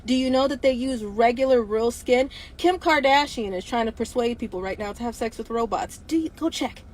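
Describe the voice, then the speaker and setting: Woman livestreaming, fairly high voice, blunt and emphatic, stacks rhetorical questions, swears freely. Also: brisk, a little mellow, slight background noise, low-quality recording. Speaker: livestream host. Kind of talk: impassioned livestream monologue.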